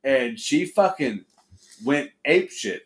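A man's voice: mid-range voice, expressive, slow. A young man hosting a casual podcast, telling stories with laughs and profanity. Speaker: podcast host.

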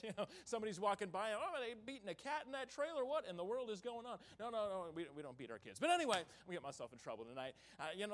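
A man who is a traveling evangelist, preaching a sermon in a church in a folksy storytelling way, with loud bursts and hushed stretches. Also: high voice. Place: church sanctuary.

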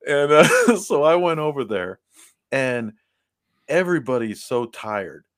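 A man's voice: medium pitch, very animated, measured pace. A man co-hosting a casual podcast chat, rambling through stories with many fillers. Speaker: podcast co-host.

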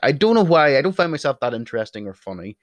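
A man's voice: mid-range voice, very animated, quick pace, dry recording. A young Irish man with an Irish accent, speaking casually to camera with blunt, opinionated remarks and free swearing. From Ireland. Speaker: video creator.

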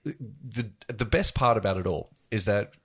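Man, very low voice, casual podcast chat, rambling storyteller. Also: a little slow, a bit bright, slightly rough. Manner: rambling, filler-heavy storytelling. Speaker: podcast co-host.

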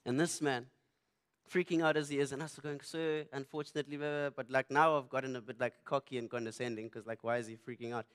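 A man's voice: mid-range voice, fast talker. A young man, preaching through a funny personal story. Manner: animated, humorous, self-mocking.

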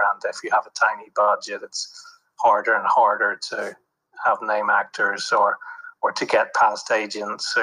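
A lower-pitched man speaks with a husky but bright, forward tone. He tells film-set stories as an interview guest. His delivery is reflective and full of "uh" and restarts. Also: rough recording. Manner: reflective, with many fillers and restarts. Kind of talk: anecdotal interview talk.

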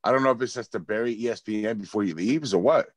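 A man's voice: lowish voice, quick pace, no echo. A man hosting a podcast in casual chat, thinking aloud with restarts and the odd swear. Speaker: podcast host.

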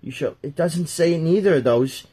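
A man's voice: fairly high pitch, a little fast, dark tone, slightly rough. A man hosting a casual talk, reading Bible verses aloud and joking about them as he goes. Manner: jokey, talks while flipping through pages. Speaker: podcast host reading scripture.

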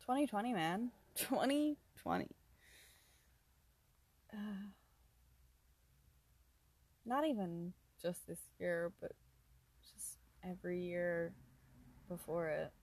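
A young woman hosting a casual solo podcast, rambling softly, laughing often and sometimes dropping to a whisper. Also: mid-range voice, lively intonation, slow, pauses often, breathy edge, dry recording. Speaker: podcast host.

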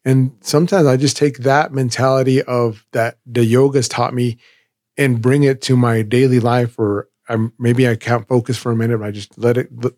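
A man's voice: medium pitch, flat delivery, moderate pace, a little mellow, no echo, studio quality. A middle-aged man in casual chat, rambling and restarting his sentences as he tells stories.

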